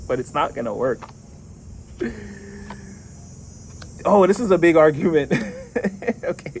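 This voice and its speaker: Male tarot reader, slightly high voice, loose chatty delivery with frequent laughs and casual cursing. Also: darkish tone, slight background noise, poor audio.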